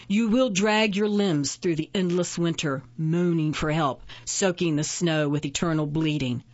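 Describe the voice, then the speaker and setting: A proud, scornful imprisoned witch , as a woman narrator puts her on, answering in cold, cutting retorts. The voice sits fairly low and is recorded dull and dry, close to the mic. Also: a little slow, darkish tone, dry recording.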